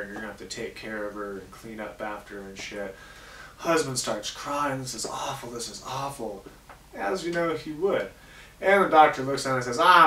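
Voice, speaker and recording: A man's voice: medium pitch, bright, forceful tone, echoey room, far from the mic, a little hiss or hum. A man hosting a comedy show, telling crude jokes in a casual, swearing monologue. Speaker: host.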